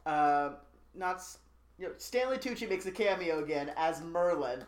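In a roomy, echoing recording, a medium-pitched podcast co-host rambles through a movie plot recap, cracking jokes and tossing in plenty of fillers and quick asides during casual chat.

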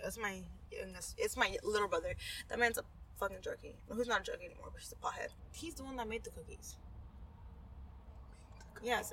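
A woman co-hosting a podcast in casual chat, telling an animated story, swearing freely and acting out the people in it. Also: medium pitch, recorded from a distance, a little hiss or hum, poor audio. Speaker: podcast co-host.

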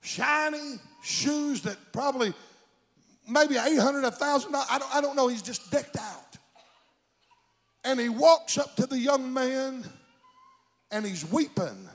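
A man preaching a sermon, telling a story in a hushed voice and then breaking into shouted exclamations. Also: extremely high pitch, slow pace, long pauses, in a large hall.

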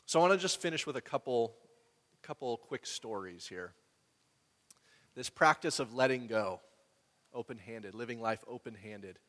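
Man preaching in a reverberant hall. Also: mid-range voice. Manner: conversational storytelling, animated when quoting others. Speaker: pastor. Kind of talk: sermon.

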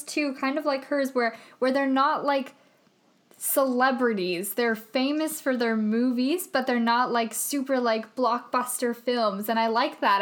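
Woman co-host, slightly high, relaxed and agreeable, halting phrasing. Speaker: podcast co-host. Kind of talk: casual movie review chat.

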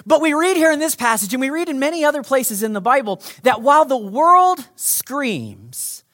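A male pastor delivers a sermon with lively, expressive pitch. He swings from loud, punchy emphasis down to hushed whispers. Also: brisk. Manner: animated, swings from shouting to whispering.

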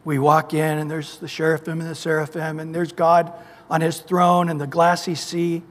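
A man preaching a sermon, telling stories in an animated way and citing scripture. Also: a little high, normal speed, long reverb tail. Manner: animated storytelling with scripture citations.

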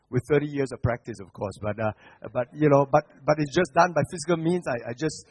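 A middle-aged man from Singapore, preaching as a guest speaker. His storytelling is animated, swinging from hushed to loud, and he often restarts his phrases. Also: a little high, fairly quick, hardly any pauses, breathy edge. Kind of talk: sermon.

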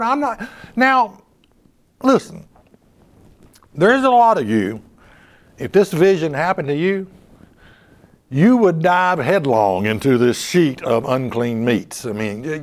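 Male preacher, high voice, lively and swooping, heavy on rhetorical questions. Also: unhurried. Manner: animated, rhetorical questions, repeats words. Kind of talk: sermon.

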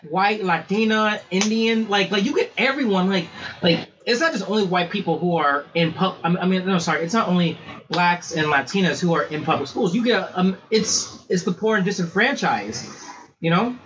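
A man co-hosting a podcast, giving opinions on politics and schools in a halting way with many restarts. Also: sits high, fairly bright tone. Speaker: podcast co-host. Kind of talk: casual podcast chat. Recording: dull lo-fi sound with faint background noise.

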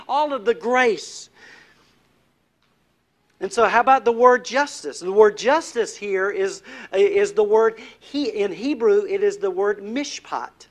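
A man preaching a sermon as pastor, putting questions to the congregation and dropping to a hush on key words. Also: sits high, slow pace. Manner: asks the congregation questions, drops to a hushed voice for emphasis.

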